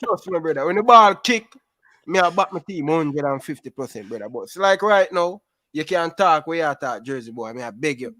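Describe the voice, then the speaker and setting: Male caller, higher pitch, dry close sound, animated patois chat. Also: fairly quick, no echo. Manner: animated, patois-laced, calls everyone brother. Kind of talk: casual phone-in chat.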